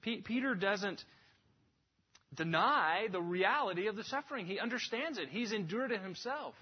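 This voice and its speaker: A man preaching a sermon, earnest and emphatic, swinging between lifted passages and hushed drops. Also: high-pitched, lively intonation, moderate pace, breathy edge. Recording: dull lo-fi recording.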